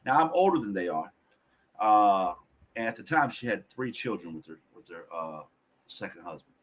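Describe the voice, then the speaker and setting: A man guest on a podcast, telling a personal story in a blunt, profane, animated way. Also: lowish voice, moderate pace. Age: adult.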